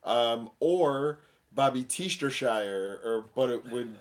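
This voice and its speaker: A man from New England co-hosts a relaxed livestream, trading jokes and reading viewer comments aloud. He talks in a middling pitch and slips into quick impressions of the people he quotes. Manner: jokey, reads chat comments aloud, acts out quoted people. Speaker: livestream co-host. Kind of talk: casual chat.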